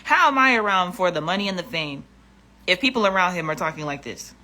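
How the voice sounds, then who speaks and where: A woman's voice: lowish voice, animated, fairly quick, pushed and bright. A woman vlogging in a casual, profane rant, blunt and exasperated, often repeating herself.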